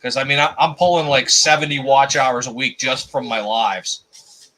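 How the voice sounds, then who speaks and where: A man's voice: mid-range voice, moderate pace, bright, forceful tone, poor audio. A man hosting a casual live stream chat, rambling and repeating words as he thinks.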